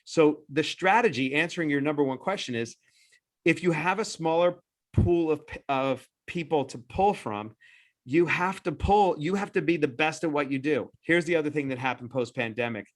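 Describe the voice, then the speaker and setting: A man presenting as a dental practice-growth consultant in a webinar, pitching persuasively in quick bursts with frequent restarts. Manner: persuasive, animated sales-style pitching.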